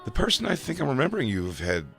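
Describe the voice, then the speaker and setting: A man co-hosting a podcast, trading dark jokes in casual chat and laughing often. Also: medium pitch, huge pitch swings, racing, gravelly, faint music behind. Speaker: podcast co-host.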